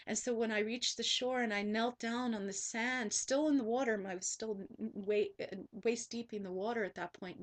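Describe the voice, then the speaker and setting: A woman's voice: mid-range voice, fairly bright tone. A woman spiritual teacher telling a personal story in an earnest monologue, often repeating herself and restarting sentences.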